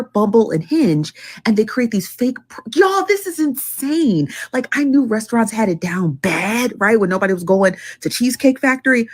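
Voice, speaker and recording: Lively woman telling a story to viewers. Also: fairly high pitch, breathy edge. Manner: animated storytelling, addresses viewers as y'all. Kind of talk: social media video clip.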